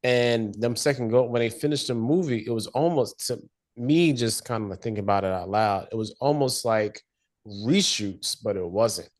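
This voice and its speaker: A man co-hosting a casual movie review podcast, relaxed and slangy, thinking out loud. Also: medium pitch, moderate pace. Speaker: podcast co-host.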